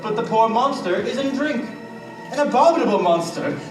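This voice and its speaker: A man playing a jittery, mocking jester on stage, excitable and giggly, recorded from far off in an echoey hall. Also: very high voice, moderate pace. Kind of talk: live stage acting. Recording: echoey, distant stage mic with music.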